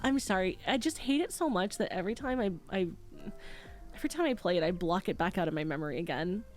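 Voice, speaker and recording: A woman's voice: mid-range voice, animated, a little fast, soft background music. A woman streamer, nose stuffy after crying, chatting casually and reading out her chat, candid and swearing freely.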